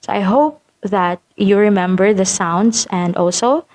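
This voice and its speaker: A woman's voice: mid-range voice, a little slow, a little mellow. A woman teaching vowel sounds in a patient lesson, repeating sample words to demonstrate them. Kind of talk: phonetics lesson.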